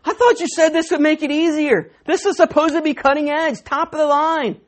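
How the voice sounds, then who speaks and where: A woman's voice: sits high, steady tone, brisk, pitched above the performer's own voice, close to an everyday voice. A woman voicing a frustrated, sweating male farmer complaining about a tool. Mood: exasperated. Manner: exasperated complaining.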